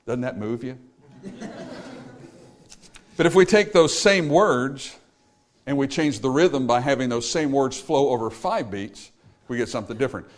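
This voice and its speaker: A man's voice: medium pitch, animated, a little slow, long pauses. A man preaching a sermon, talking straight to his listeners with emphasis, and sometimes singing a short phrase as an example. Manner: emphatic, talks straight to the congregation. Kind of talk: sermon on music.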